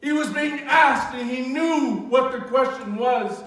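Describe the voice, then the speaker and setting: A woman giving an emphatic sermon to a youth group, asking rhetorical questions and sometimes shouting. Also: high-pitched, a little slow. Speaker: youth retreat speaker. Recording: very echoey hall, distant voice.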